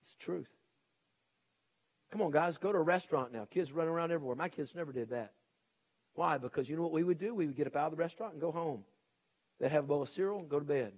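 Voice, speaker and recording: A man's voice: a little high, fast, long pauses, a little mellow. A middle-aged man preaching a sermon in an emphatic, folksy way, hammering home his point and acting out the people he quotes. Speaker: preacher and educator.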